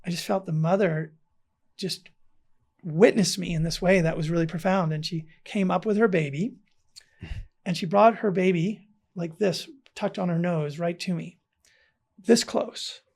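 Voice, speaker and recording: A man's voice: sits high, fairly even intonation, a little slow, creaky, pauses often. Earnest, light-voiced man telling a story. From South Africa. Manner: earnest, dropping to hushed tones. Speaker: podcast guest. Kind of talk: personal storytelling in an interview.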